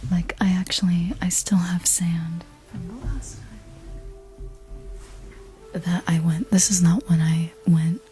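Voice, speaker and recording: A woman's voice: on the low side, steady tone, takes it slowly, long pauses, mellow, faint music behind. A young woman telling a personal story in a whispered ASMR voice, casual and rambling, with the odd swear word. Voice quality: unvoiced whisper. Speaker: ASMR creator.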